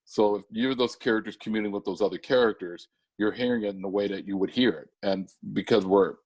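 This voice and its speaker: A man's voice: fairly low pitch, fairly quick, a little mellow, slightly rough. An American man co-hosting a casual podcast, thinking aloud with restarts. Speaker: podcast co-host. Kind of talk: casual chat.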